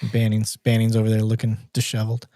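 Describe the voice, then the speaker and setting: Dude hosting a livestream, easygoing, dry close sound, reads chat comments. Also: male voice, lowish voice, monotone, fast, dark tone, dry recording. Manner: casual, reads viewer comments aloud. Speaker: podcast host.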